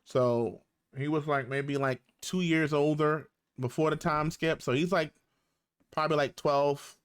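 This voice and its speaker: A man in a casual online recap, retelling a TV episode in loose, slangy talk. He takes his time, leaning on fillers and quoting the characters in his own voice. His voice sits a little high for a man. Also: fairly even intonation, a little slow, clean tone. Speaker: YouTube reviewer.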